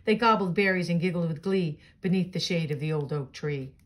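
A woman reads a children's picture book aloud in a lowish voice. She stops now and then for gentle, chatty asides to her young listeners. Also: brisk.

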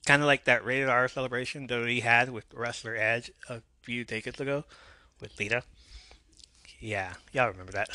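A man's voice: mid-range voice, pushed and bright, no echo. A man hosting a podcast, casually recapping a TV episode with wry asides. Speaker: podcast host.

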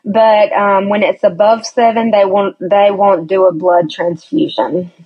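Woman, podcast guest, slow chatty storytelling, husky voice, dull lo-fi recording. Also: mid-range voice, steady tone. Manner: chatty, hesitant with many restarts. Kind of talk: casual storytelling chat.

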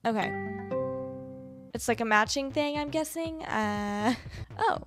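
A woman's voice: a little high, takes it slowly, over music. A woman in her twenties giving casual gameplay commentary, chatty and sarcastic, with casual swearing. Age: 20s. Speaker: gaming video creator.

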